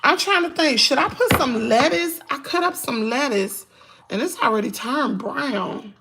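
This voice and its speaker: A hoarse woman with a Southern US accent, chatting to viewers in her home kitchen on a phone livestream. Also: high-pitched, animated, unhurried, heavy background noise. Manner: chatty, talks straight to viewers, says y'all a lot. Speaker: livestream host. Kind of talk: casual livestream chat while cooking.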